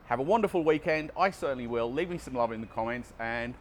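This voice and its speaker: A man's voice: medium pitch, expressive, fast talker, a little hiss or hum. A man vlogging casually outdoors about recovery, chatty and self-deprecating, often restarting his sentences. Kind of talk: casual vlog monologue.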